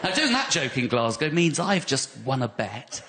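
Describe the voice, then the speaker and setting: A man's voice: medium pitch, sing-song, normal speed, very noisy. An English man from West London doing a self-deprecating stand-up set with stammering repeats, on a live comedy stage. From West London, England. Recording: live stage recording with audience laughter.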